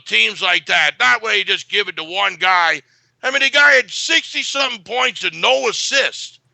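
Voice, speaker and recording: A man's voice: sits high, gravelly, bright, forceful tone, no echo. A man giving a sports betting pick in a blunt, boastful way, full of filler uhs.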